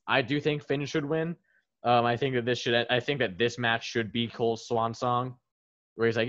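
A man's voice: mid-range voice, normal speed. A man co-hosting a casual podcast, rambling enthusiastically and leaning on "like" and "um". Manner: rambling, lots of "like", animated. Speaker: podcast co-host. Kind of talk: casual chat. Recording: dull lo-fi sound.

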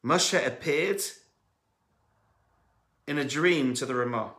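Male preacher-storyteller, emphatic and animated, ringing echoey room. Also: medium pitch, slow. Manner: animated, emphatic storyteller who builds to loud peaks; addresses listeners as friends. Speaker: religious teacher. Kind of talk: storytelling sermon.

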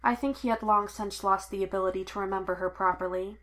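A woman reading the lines of a weary, grim man who is a Jedi, in a low, subdued voice. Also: fairly even intonation, fast, a bit bright, natural voice. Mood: quiet grim.

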